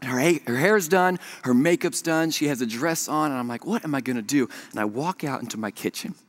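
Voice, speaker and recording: A young male preacher tells a story to his congregation. His voice sits a bit high for a man. He swings between hushed asides and loud, lively punchlines. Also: fairly quick. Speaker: pastor. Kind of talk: sermon.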